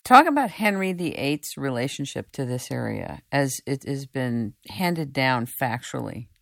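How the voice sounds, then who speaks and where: An American woman hosting an interview, coaxing her guest with lively questions. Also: a bass voice, a little slow, creaky. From United States. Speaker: podcast host.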